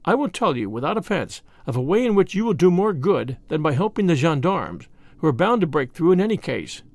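A man's voice: a little high, sing-song, a little fast, no room sound. A man voicing a small, courteous English priest who speaks with earnest politeness, read in a story. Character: small quiet English priest, gently probing.

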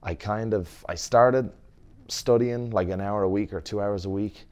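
A man in his forties with an Irish accent, a wrestler chatting casually as an interview guest, relaxed and quick to laugh. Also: fairly low pitch. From Ireland. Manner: relaxed, laughs often, many fillers.

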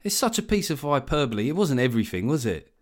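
A man's voice: medium pitch, very animated, fast talker. A man in his forties, a comedian guest in casual podcast chat, wry and ranting about slang. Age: 40s. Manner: wry, ranting, mimics others in quoted voices.

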